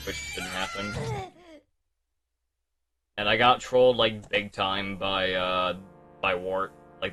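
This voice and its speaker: A young male streamer with a lowish, bright and forceful voice talks into a desk microphone in casual live-stream commentary. He rambles, swears and vents frustration at length. Faint music plays underneath. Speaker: speedrun streamer.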